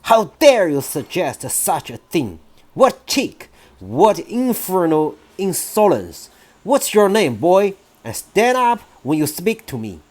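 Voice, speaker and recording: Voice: medium pitch, very animated, takes it slowly, pitched above the performer's own voice. A reader doing a barking, bullying giant headmistress. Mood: scornful shouting. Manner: barking, scornful shouting. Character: bullying huge headmistress, furious and cruel. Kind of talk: audiobook reading.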